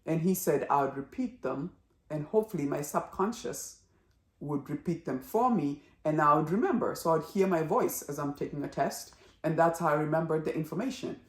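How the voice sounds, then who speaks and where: A woman giving a casual spoken review of a drama series, chatty and animated, acting out characters' lines as she goes. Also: deep voice, moderate pace, roomy sound.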